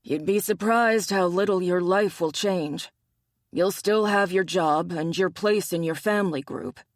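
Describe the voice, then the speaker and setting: A man's voice: high voice, measured pace, no room sound. An audiobook narrator voicing a wry, teasing male bear-shifter hunter with a dry, needling manner, in a dry recording. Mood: insistent.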